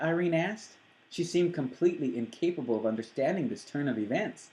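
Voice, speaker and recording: A man's voice: medium pitch, a little mellow, roomy sound, poor audio. A man reading a scene from his own novel aloud, voicing the characters in a near-plain voice with small stumbles. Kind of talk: book reading.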